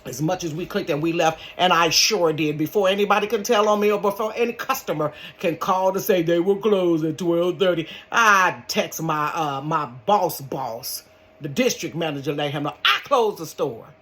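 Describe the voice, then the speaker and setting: An older woman tells a story from her bedroom. She is dramatic and animated and keeps calling her listeners honey and baby. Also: fairly low pitch, moderate pace. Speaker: vlogger. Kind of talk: casual storytime.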